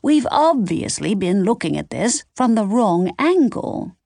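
A woman doing a firm leader in a cozy mystery, decisive and sure of herself, with a lively, gravelly voice. The sound is dry and close. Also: mid-range voice, measured pace, dry recording, exaggerated voice.

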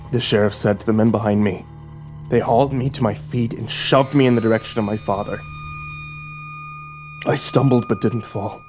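A man narrating a first-person horror story in a quiet, subdued reading voice. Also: fairly low pitch, very animated, normal speed, gravelly, soft background music.

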